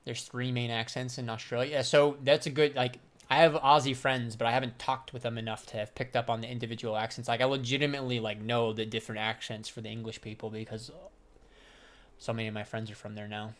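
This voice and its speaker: A man's voice: medium pitch, flat delivery, quick pace. Slangy, profane young man streaming. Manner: loose, slangy and profane, laughs often. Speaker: livestreamer and crypto trader. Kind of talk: casual livestream chat, answering chat.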